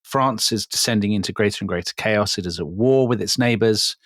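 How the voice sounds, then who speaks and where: Low-voiced man telling history casually. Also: brisk, fairly bright tone, dry recording, studio quality. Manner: conversational storyteller, tag questions. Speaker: podcast co-host. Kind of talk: casual history podcast chat.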